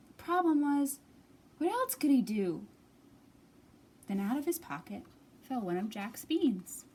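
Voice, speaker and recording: Expressive woman reading aloud to kids. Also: high voice, measured pace, pauses often, breathy edge. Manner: expressive, animated read-aloud. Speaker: children's librarian. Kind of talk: children's storytime reading.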